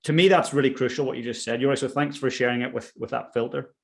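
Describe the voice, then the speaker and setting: A man's voice: mid-range voice, steady tone, quick pace, vocal fry. A man teaching pipe band drumming in conversation, enthusiastic and affirming. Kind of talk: instructional conversation.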